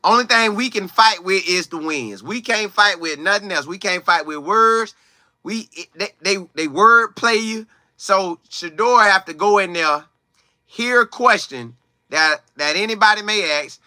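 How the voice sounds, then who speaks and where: A man giving casual, emphatic sports commentary in a slangy, animated vlog manner. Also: high-pitched, unhurried, no room sound, studio quality.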